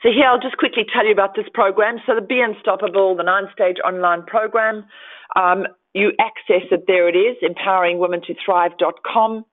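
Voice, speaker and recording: A woman's voice: medium pitch, steady tone, a little fast. A woman coach giving a motivational talk to women, direct and emphatic, repeating her key advice. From Australia. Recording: tinny phone-like sound.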